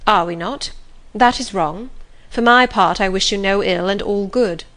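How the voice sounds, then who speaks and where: A woman reading the lines of a stern, cold young male clergyman in a grave, measured, reproving manner. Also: mid-range voice, fairly bright tone, close to an everyday voice. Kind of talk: audiobook reading.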